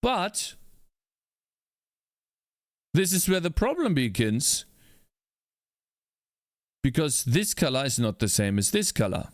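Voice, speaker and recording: A man's voice: on the high side, sing-song, slow pace, pauses often, no echo. Male streamer, game dev, frustrated and cursing at his work; dry, close sound. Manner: frustrated, exasperated, talks to himself; swears. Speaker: indie game developer streaming. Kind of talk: live-stream chat while working.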